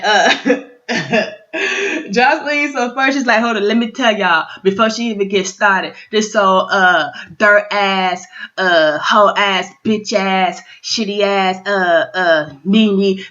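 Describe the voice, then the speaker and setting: A woman's voice: medium pitch, slow, a bit bright, highs cut off. A woman giving a casual, profane recap of a reality show, bluntly acting out the cast's lines. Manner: blunt, profane, dramatic quoting of cast members.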